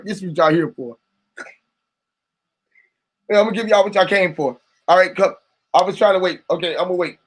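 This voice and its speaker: A man's voice: high-pitched, moderate pace, vocal fry, pauses often, bright, forceful tone. A young man streaming live, rambling and joking crudely, often laughing between lines. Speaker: livestreamer. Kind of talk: casual livestream banter.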